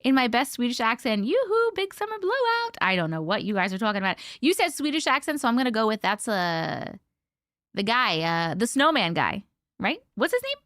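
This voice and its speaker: A woman's voice: big pitch swings, brisk, fairly bright tone, no echo, studio quality. A woman hosting a casual livestream, chatting and greeting viewers by name with a bubbly, laugh-ready manner. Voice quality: naturally high-pitched voice. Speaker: livestream host.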